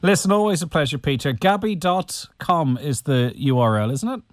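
A man hosting a radio interview, easygoing and halting, with many fillers. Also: on the high side, expressive, dry recording, studio quality. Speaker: radio host. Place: radio studio.

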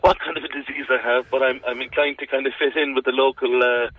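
A man's voice: medium pitch, fast, no echo, narrow, tinny audio. A man with a Cork Irish accent, chatting on the radio and telling jokey stories as a guest presenter. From Ireland. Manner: chatty storyteller, jokey, animated. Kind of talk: casual radio chat.

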